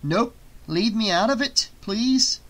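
A man's voice: sits high, lively intonation, slow, a bit bright, voice pushed up, exaggerated voice. A male audiobook reader voicing an easygoing young man with a raised, playful sing-song voice. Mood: dodging.

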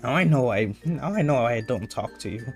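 A young man hosting a Minecraft roleplay, loud and joking with frequent swearing. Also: medium pitch, lively intonation, normal speed, faint music behind. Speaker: roleplay host.

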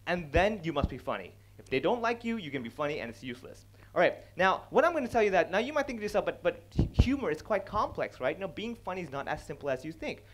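A young man giving a stand-up style talk on comedy, animated and acting out other people's lines as he speaks. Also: sits high, fast talker, hardly any pauses. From India. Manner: animated, acts out other people's lines, laughs at own jokes. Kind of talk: stage talk on comedy, switching between English and Cantonese.

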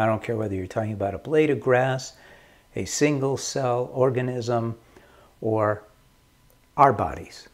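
Slow, husky-voiced man giving advice. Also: mid-range voice. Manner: slow, measured, repeats key phrases. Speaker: marriage counselor. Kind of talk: calm advice talk.

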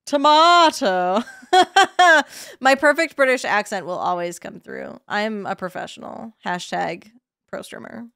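A woman's voice: medium pitch, sing-song, normal speed, gravelly, a bit bright, no echo, studio quality. A young woman streaming a game, joking with crude asides and chatting casually.

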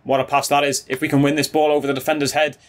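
A man commentating his own football video game, excitable and chatty, calling his viewers bro and boys. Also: fairly high pitch, racing. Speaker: gaming YouTuber. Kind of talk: casual gameplay commentary.

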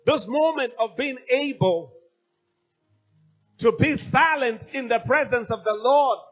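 A man's voice: very high voice, slow pace, slightly rough, soft background music. A male pastor preaching a sermon, emphatic and repeating his key phrases.

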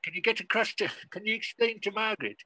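A woman leading an informal group language lesson, lively and encouraging, mixing French and English. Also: medium pitch, quick pace, rough recording. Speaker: language teacher.

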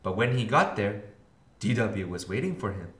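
A man, a kindergarten teacher, reading a storybook aloud to children with expressive storytelling. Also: fairly low pitch, normal speed. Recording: roomy echo.

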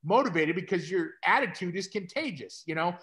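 Bright, energetic male host. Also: sits high, brisk. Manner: energetic, coaching tone addressing doctors directly. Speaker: host and practice consultant. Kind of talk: casual podcast conversation.

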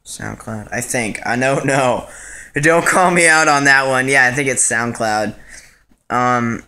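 A man's voice: mid-range voice, measured pace, pushed and bright, smooth. A man, rambling through a casual home vlog with plenty of ums and likes. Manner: rambling, scattered, lots of fillers. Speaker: vlogger. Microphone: action camera.

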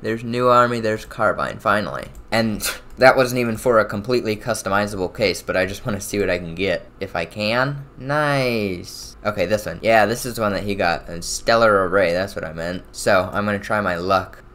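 A young man casually commenting on his own shooter gameplay, excitable and quick to burst out loud. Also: fairly low pitch. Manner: excitable, swings to loud outbursts. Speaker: gaming channel host.

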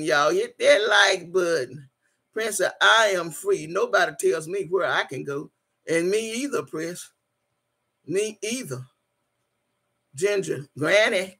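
Her pitch sits fairly low, and the tone is a bit bright but husky. As host of a relaxed livestream on her channel, she reads out what viewers write, laughs frequently, says "y'all," and asks people to like and subscribe.

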